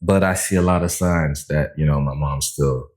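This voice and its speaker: A man's voice: a bass voice, normal speed, darkish tone. A man speaking as a podcast guest, candidly telling a personal story in casual, slang-filled talk and openly showing vulnerability.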